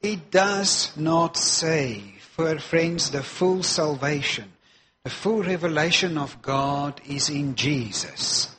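A man's voice: on the high side, lively intonation, slow, a bit bright. A man preaching a sermon, stressing and repeating key phrases for weight.

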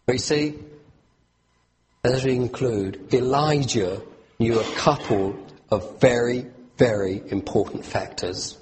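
Animated male preacher delivering a sermon. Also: medium pitch, takes it slowly, a little hiss or hum. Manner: animated storytelling with asides, pace shifts and rising emphasis.

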